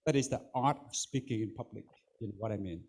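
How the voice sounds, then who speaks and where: A man's voice: lowish voice, fast, a little mellow. A man, coaching a student as a contest judge in an emphatic way, often asking if he is understood. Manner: coaching, emphatic, repeats "you know what I mean". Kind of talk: spoken feedback to a student.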